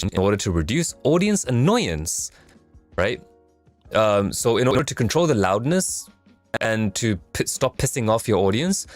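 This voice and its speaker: A young man hosting a music production stream, casually reading a technical document aloud and explaining it in plain words to his viewers. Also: lowish voice. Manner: chatty, asks the audience, reads aloud then paraphrases.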